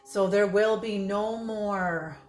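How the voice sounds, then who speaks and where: A woman's voice: medium pitch, slow, soft background music. A woman giving a casual spoken tarot reading, blunt and laughing often, swearing freely. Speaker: tarot reader. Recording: roomy echo.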